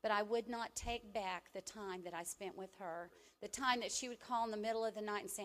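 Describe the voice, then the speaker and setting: A woman's voice: medium pitch, brisk, hardly any pauses. Woman preaching a conversational sermon. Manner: conversational, with sudden louder emphatic bursts and softer asides. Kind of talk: sermon with personal testimony.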